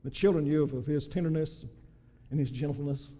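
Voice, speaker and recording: A man's voice: on the high side, fairly even intonation, a little fast, warm tone. A male pastor preaching a sermon in a church, fervent and emphatic with frequent restarts. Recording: long hall reverb.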